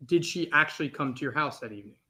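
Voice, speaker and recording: A man's voice: fairly high pitch, expressive, fast, pushed and bright. A man examining a witness in court, asking short, direct questions. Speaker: trial attorney questioning a witness.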